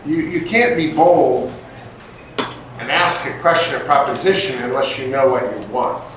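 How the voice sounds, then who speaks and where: An older man giving a storytelling talk to a group, animated and acting out the dialogue in his anecdotes. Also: medium pitch, measured pace. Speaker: guest speaker. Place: meeting room with an audience. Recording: echoey room, distant mic, faint noise.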